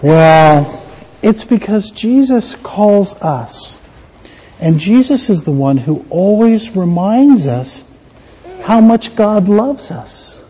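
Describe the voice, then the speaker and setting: A man's voice: high-pitched, mellow, slightly rough, muffled recording. A man pastor giving a playful children's sermon in a church, quizzing the kids with questions.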